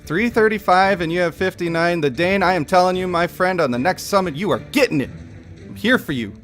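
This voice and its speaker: A man's voice: sits high, expressive, fairly quick, a bit bright, soft background music. A man streaming live, reading a game story aloud in a playful, self-mocking way.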